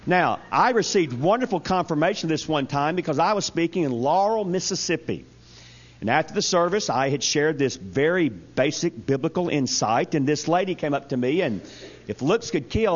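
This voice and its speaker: A man with a fairly high voice preaches briskly at a church service, telling humorous stories in a folksy, animated sermon to the congregation. The recording sounds dull and lo-fi.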